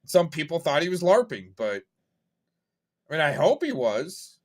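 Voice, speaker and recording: A man's voice: on the high side, sing-song, unhurried. A man reacting to an old clip on his stream, laughing often and rambling in amused, mocking commentary.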